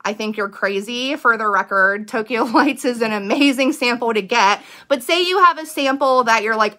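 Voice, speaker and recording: Upbeat young woman seller, bright and fairly high voice, rambling chatty delivery full of fillers. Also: moderate pace, hardly any pauses. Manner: upbeat and eager. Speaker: direct seller giving business tips. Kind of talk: casual talk to camera.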